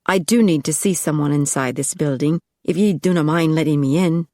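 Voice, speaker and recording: A woman's voice: deep voice, fairly quick, a little mellow, dry recording, studio quality, lightly acted. Woman reading a formal Scottish vampire man. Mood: wary. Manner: formal, old-fashioned speech. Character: centuries-old Scottish vampire warrior man, reserved.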